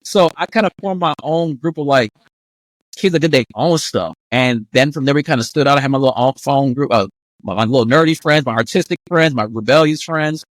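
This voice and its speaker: A young man, telling stories as a podcast guest in a lively way and acting out the voices he quotes. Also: mid-range voice, brisk, no room sound. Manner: animated, acts out quoted voices. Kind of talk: casual storytelling.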